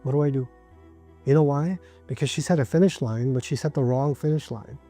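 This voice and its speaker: A man's voice: medium pitch, a little fast, dark tone, faint music behind. A man giving a religious lecture in a conversational way, asking rhetorical questions and acting out the people he quotes. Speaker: preacher.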